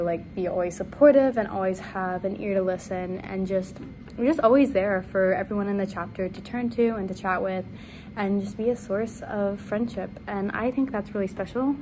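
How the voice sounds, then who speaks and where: A young woman giving an earnest spoken tribute to a fellow member, pausing and searching for words. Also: mid-range voice, steady tone. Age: young adult. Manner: earnest, halting, with fillers. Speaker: fraternity sister announcing an award. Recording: noisy amateur recording.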